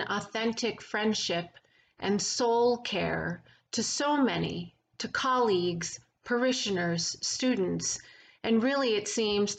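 A woman priest giving a gentle, reflective memorial sermon with lingering pauses. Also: medium pitch, slight background noise, poor audio.

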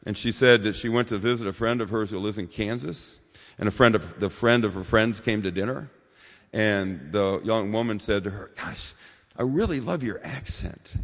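A man's voice: lowish voice, fairly even intonation, moderate pace, long reverb tail. A man in his sixties giving a rambling, informal talk as a guest speaker in a church, with many fillers and asides.

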